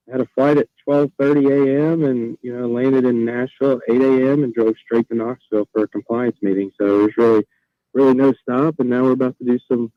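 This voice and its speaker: A young man, a college golfer calling in as a guest, relaxed and plain-spoken. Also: medium pitch, dry recording. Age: young adult. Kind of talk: phone interview. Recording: dull phone-in line.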